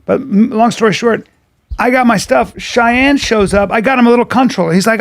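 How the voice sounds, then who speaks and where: High-voiced man telling a rowdy story. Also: fairly quick. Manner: animated, profane, does voices of people in his stories. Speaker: podcast co-host. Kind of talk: casual storytelling chat.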